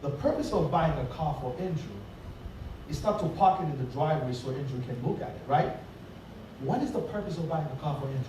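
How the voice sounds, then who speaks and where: A man with a high voice preaches a sermon in a church sanctuary, and his words bounce around a very reverberant hall. He stands well back from the microphone and draws the congregation in with a story, often asking "right?". A faint hum of room noise runs underneath. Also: expressive, a little fast. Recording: very echoey church hall, distant mic.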